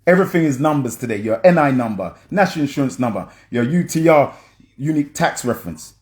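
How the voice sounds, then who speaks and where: A man's voice: medium pitch, animated, quick pace, a little mellow. A man commenting on film scenes for his audience, emphatic and preacher-like, often checking in with "yeah?".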